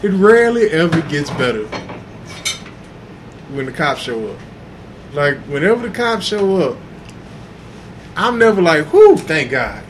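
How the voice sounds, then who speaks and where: High voiced guy talking slow and swoopy on a podcast, rumbly noisy background. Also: very animated. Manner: slow, emphatic, laughing asides. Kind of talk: casual podcast chat.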